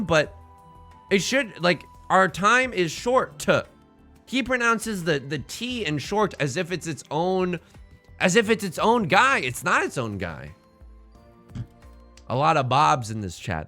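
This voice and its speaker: A man streaming a mahjong game, chatting casually with his chat in a jokey, animated way with mock-heated rants. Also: fairly high pitch. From born outside the United States. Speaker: Twitch streamer playing mahjong.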